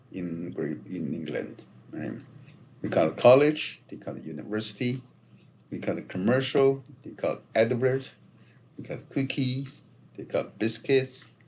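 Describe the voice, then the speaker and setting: A marketing professor delivers a conversational classroom lecture, regularly checking in with listeners by tagging phrases with "right?" and "okay?". His voice is lowish with a darkish tone, captured in a dull lo-fi recording with faint noise.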